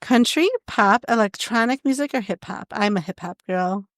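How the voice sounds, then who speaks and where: A woman's voice: medium pitch, moderate pace, dry recording, studio quality. A young woman co-hosting a podcast, chatting casually and reading quiz questions aloud with laughs. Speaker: podcast co-host. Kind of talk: casual chat.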